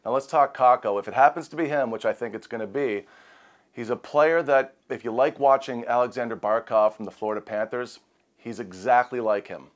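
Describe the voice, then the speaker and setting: Man, hockey analyst, breathless, eager and emphatic, mid-pitched voice, direct-to-camera commentary. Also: a little fast. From Canada.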